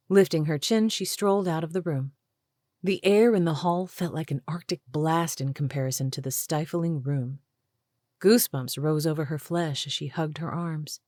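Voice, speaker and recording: A woman with a low voice reads a romance audiobook, measured and even. The sound is dry and close, with no room around it. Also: no room sound. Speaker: audiobook narrator. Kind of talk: scripted narration.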